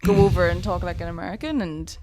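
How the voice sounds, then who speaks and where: A woman's voice: fairly low pitch, fast talker, warm tone, faint music behind. A woman co-hosting a podcast, chiming in with added details in casual chat. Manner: chiming in, adding details to his stories.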